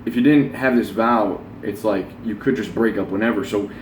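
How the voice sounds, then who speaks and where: A man's voice: lowish voice, moderate pace, slight background noise. Blunt swearing young man in an echoey room. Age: 20s. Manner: blunt, swears freely, rambling with restarts. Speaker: self-help vlogger. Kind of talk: casual motivational monologue. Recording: roomy echo, voice from the mic.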